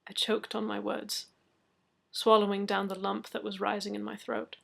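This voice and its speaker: A woman reading a story aloud in a measured, soft-spoken narration. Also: mid-range voice, little pitch movement, vocal fry. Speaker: story reader. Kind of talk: audiobook-style story narration.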